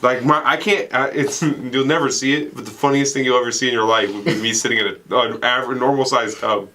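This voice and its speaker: A man's voice: mid-range voice, fairly even intonation, fast talker, pushed and bright. A young man co-hosting a podcast, telling rambling, profane stories in casual banter and laughing often. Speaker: podcast co-host.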